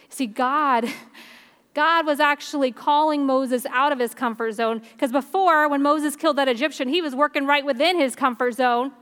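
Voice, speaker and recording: A woman's voice: high voice, normal speed, fairly bright tone. A woman preaching a sermon at a church service in an earnest, conversational way.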